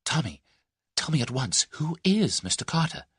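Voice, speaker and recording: A man's voice: on the high side, slightly rough, no echo, clean studio sound, voice pushed up, exaggerated voice. A man voicing Tuppence, an eager, impulsive young woman adventurer, in an audiobook. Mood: excited. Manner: excitable, quick, animated.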